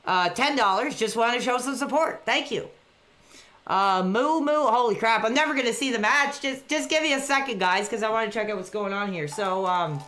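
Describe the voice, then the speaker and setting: A woman talks casually to her live-stream viewers from a dark room at home. Her voice is bright and sharp. She reads out chat messages and breaks into eager play-by-play whenever the match heats up. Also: a little high, a little hiss or hum. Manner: chatty, reads out chat messages between excited play-by-play reactions.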